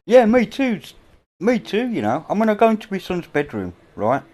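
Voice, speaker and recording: A middle-aged man with an English accent, hosting a casual livestream chat from a home, rambling and offhand with casual swearing, on a boom-mounted mic. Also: wildly swooping pitch, moderate pace, a little mellow. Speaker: livestream host. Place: indoors at a home. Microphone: boom-mounted microphone.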